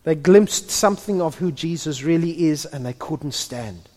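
A man delivers a sermon in a church hall, his voice pitched high for a man. He swings between impassioned, near-shouted passages and quiet, hushed ones. A long reverb trails each phrase. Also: moderate pace. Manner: builds to impassioned, near-shouted peaks, then drops to hushed tones. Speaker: pastor.

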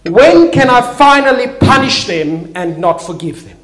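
Preaching as a pastor, a man with an extremely high, unhurried voice acts out little everyday scenes, animated and sometimes restarting. The sound comes from an echoey hall with faint noise.

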